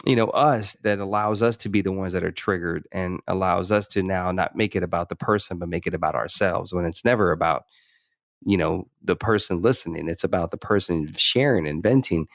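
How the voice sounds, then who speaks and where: Reflective male podcast host, low voice. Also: a little fast, gravelly, no echo, clean studio sound. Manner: thoughtful, with frequent restarts and "you know". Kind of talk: reflective interview conversation.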